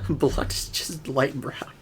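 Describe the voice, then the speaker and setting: A man's voice: on the high side, fairly bright tone. A man co-hosting a podcast, joking and laughing often in casual chat about anime. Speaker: podcast co-host.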